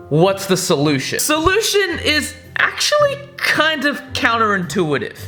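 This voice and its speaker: A young man vlogging casually from his apartment, animated and acting out his inner voices in a chatty monologue. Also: echoey room. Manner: animated, acts out inner voices with big pitch swings.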